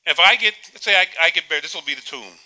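A man's voice: on the high side, animated, very fast, sharp tone. A man preaching a sermon, firing off rhetorical questions, repeating words as he goes and chuckling at his own points.

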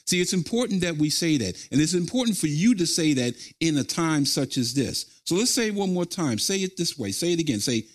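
A man preaching a sermon in a lively, swinging voice that sits a little higher than most men's. He leads his listeners in call-and-response scripture reading, drawing out each recited verse slowly. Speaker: pastor.

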